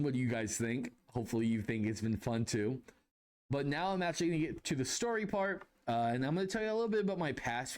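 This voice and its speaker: A young man hosts his own podcast alone, drifting through stories and tangents with a self-deprecating edge. His pitch sits in the middle but swings up and down a lot as he talks, which keeps the delivery animated. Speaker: podcast host. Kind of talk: casual solo podcast storytelling.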